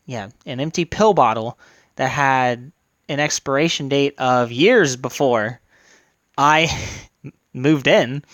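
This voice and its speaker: A man talking to his camera in a frustrated, halting rant, often stumbling and repeating words. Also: mid-range voice, a bit bright, dry recording. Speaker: YouTuber.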